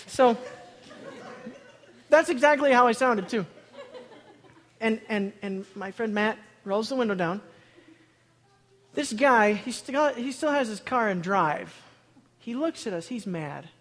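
A man with a notably high voice tells a comic personal story to a live audience, his words tumbling out between bursts of laughter and quick restarts. He's excited and repeats words, and a long reverb lingers in the big hall.

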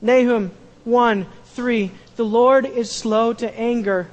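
A pastor preaching a sermon, repeating key phrases and swinging from loud emphasis to a hushed tone. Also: male voice, very high voice, fairly even intonation, takes it slowly, in a large hall.

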